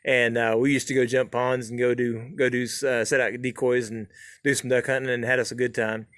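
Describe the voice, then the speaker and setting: A middle-aged man spins a folksy tall tale in an easygoing drawl, stringing it along with "and so." His voice sits at an ordinary middle pitch. It is recorded close and dry in a small home studio. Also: level tone, brisk, a bit bright, no room sound. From southern Oklahoma. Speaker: storyteller host.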